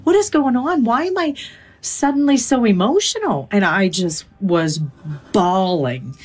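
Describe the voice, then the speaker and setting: A middle-aged woman telling a vivid, emotional personal story in an interview. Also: on the low side.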